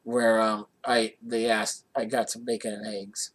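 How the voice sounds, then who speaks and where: A man's voice: lowish voice, flat delivery, measured pace. Man rambling through a personal road-trip story. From Johnstown area, USA. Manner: rambling, with many restarts. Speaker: vlogger. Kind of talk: casual personal anecdote.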